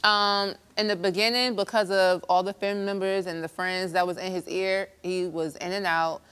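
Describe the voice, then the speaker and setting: A woman's voice: fairly low pitch, moderate pace, clean tone. A woman guest on a talk show, animatedly retelling a relationship fight on a studio stage. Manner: animated storytelling, acting out quarrels.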